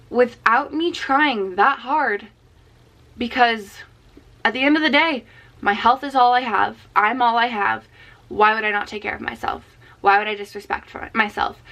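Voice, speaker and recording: A chatty young woman talks straight to her viewers in a casual, earnest pep talk. Her voice sits a little on the high side, and she fills her sentences with "like" as she goes. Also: a bit bright. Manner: chatty, frequent "like" fillers, earnest. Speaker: vlogger.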